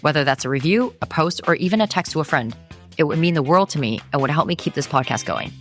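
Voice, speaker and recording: A woman hosting a podcast, thanking her guest and then reading a friendly, measured outro. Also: low-pitched, lively intonation, faint music behind. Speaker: podcast host.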